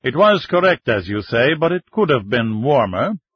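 A man's voice: mid-range voice, very animated, moderate pace, husky, dry recording. A man voicing a gracious male cardinal welcoming a guest, in an audiobook reading. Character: warm older male cardinal, gracious host. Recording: dull lo-fi dry recording.

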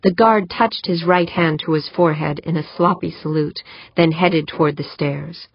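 Woman reading a novel, low voice, steady, dry muffled recording. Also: normal speed, husky, no echo. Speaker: audiobook narrator. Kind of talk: scripted narration.

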